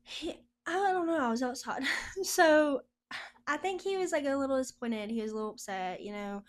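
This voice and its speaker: A woman with a fairly high voice tells her personal story as a podcast guest. She talks casually and chattily, leaning on lots of "like" and breaking into frequent laughs. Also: moderate pace. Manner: chatty, laughs often, heavy use of "like". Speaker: guest sharing a personal testimony.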